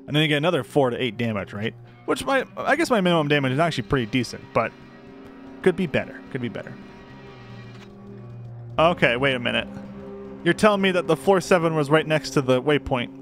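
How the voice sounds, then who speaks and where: A man's voice: mid-range voice, animated, fairly quick, long pauses, fairly bright tone, faint music behind. A young man giving casual, self-deprecating commentary while playing a game, rambling in chatty asides. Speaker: gameplay commentator.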